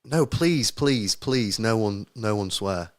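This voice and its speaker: A man's voice: on the low side, expressive, slow pace. A young man hosting a casual live-stream podcast, joking, laughing often and talking to the chat. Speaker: podcast host.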